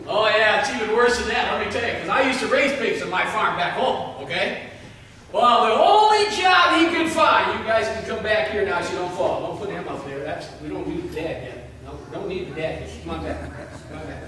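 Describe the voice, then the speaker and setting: A man's voice: high-pitched, animated, moderate pace, pushed and bright, slight background noise. A man giving a children's message in church, telling a story in a playful way and asking the children questions. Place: church sanctuary. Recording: echoey church hall from a distance.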